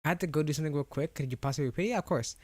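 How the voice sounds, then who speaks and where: A man's voice: a little high, racing, darkish tone, no room sound. A young adult man streaming, chatting casually with his viewers in a rambling way with lots of restarts. He has a slight lisp on R and W sounds. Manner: chatty, rambling, answers chat with frequent restarts and laughs. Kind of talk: casual live-stream chat.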